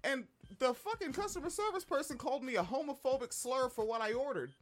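A podcast co-host telling stories in casual chat, animated and liberal with profanity. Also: high-pitched, brisk.

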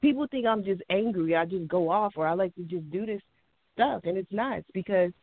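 A woman co-hosting a radio talk show in casual, animated conversation, laughing often and jumping in to clarify. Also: mid-range voice, brisk. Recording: tinny phone-like, dry.

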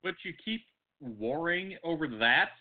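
A man's voice: a little high, lively intonation, a little slow. A man co-hosting a podcast in casual, profane chat, blunt and dismissive. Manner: blunt, dismissive, swears a lot. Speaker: podcast co-host. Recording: tinny phone-like sound.

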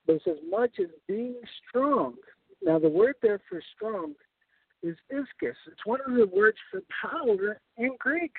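Lively high-voiced preacher, tinny sound. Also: male voice, gravelly, no echo. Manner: explains step by step, often checking in with "right?". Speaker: preacher leading a Bible study. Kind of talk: sermon-style Bible teaching. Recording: tinny phone-like sound, dry.

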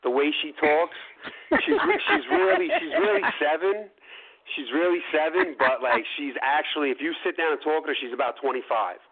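A man's voice: fairly high pitch, sing-song, fairly quick, vocal fry, husky. A man in his thirties chatting as a guest in a casual, profane, slangy way, peppering his talk with "yo.". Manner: profane, slangy, keeps saying "yo". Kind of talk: casual chat. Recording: tinny phone-like line.

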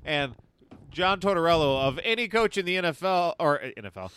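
A man co-hosting a casual sports podcast, profane and jokey, getting excited as he talks. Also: a little high, brisk, clear, resonant tone. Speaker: podcast co-host.

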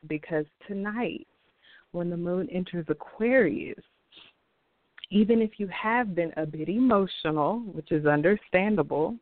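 A man giving a weekly astrology forecast, talking in an expressive, passionate way and laughing often. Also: a little high, no room sound. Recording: tinny phone-like dry sound.

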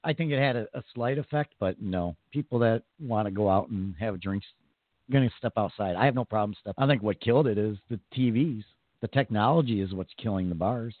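A man's voice: fairly low pitch, a little fast, dry recording. A man co-hosting a talk radio show, rambling and swearing freely in casual banter. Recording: tinny phone-like sound, dry.

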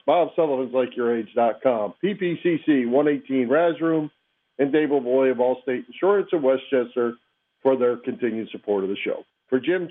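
A man co-hosting a casual sports radio chat, friendly and talkative, often repeating himself. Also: mid-range voice. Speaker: co-host. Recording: phone-like call-in line.

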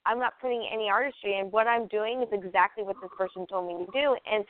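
A woman's voice: mid-range voice, fast, no echo. Agreeable woman host, casual chat, tinny phone-like dry line. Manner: agreeable, many "yeah" and "um" fillers. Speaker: podcast host.

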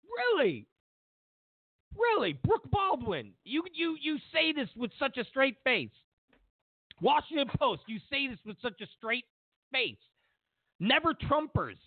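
A man's voice: extremely high pitch, very animated, unhurried, no room sound. A man hosting a political commentary show, mocking and sarcastic, repeating lines for emphasis. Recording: tinny phone-like sound.

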